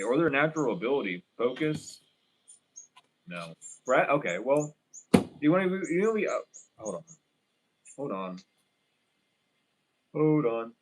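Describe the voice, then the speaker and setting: A man's voice: on the high side, poor audio. A man doing a casual tarot reading for viewers, ranting and swearing as he talks straight to them. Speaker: tarot reader.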